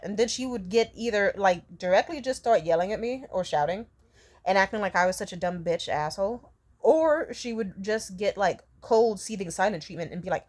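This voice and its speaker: Speaking briskly in a mid-range voice, a young woman vlogger rambles through a casual storytime with plenty of profanity. She frequently breaks into laughter between sentences.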